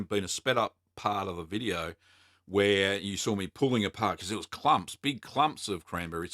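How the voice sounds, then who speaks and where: A man's voice: fairly low pitch, a bit bright, no echo, clean studio sound. A man with an Australian accent hosting a casual livestream, reading viewer comments aloud and answering them with plenty of ums and uhs. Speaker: livestream host answering cheesemaking questions.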